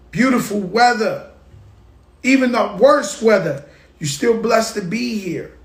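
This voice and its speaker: A man with a high voice hosts his own show, spinning animated stories and sometimes acting out the sounds. He talks in a loose, casual monologue. The room rings with noticeable echo. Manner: animated, tells stories with hype and sound effects. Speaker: show host. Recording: roomy echo.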